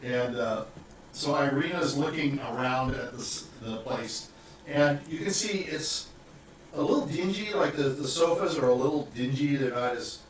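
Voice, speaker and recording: A man narrating as game master in a tabletop game, rambling and halting with many fillers. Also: mid-range voice. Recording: echoey room, mic far off, faint hiss.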